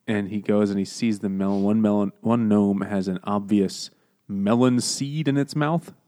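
A man's voice: fairly low pitch, steady tone, moderate pace, mellow. A man co-hosting a casual podcast chat, laughing often and swearing while recapping a book. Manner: laughing often, swearing, jumping into silly voices. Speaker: podcast co-host.

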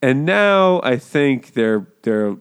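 A man's voice: medium pitch, sing-song, slow, smooth. A man co-hosting a casual podcast, rambling and laughing as he trades jokes and does silly impressions. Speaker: podcast co-host. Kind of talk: casual chat, joking banter.

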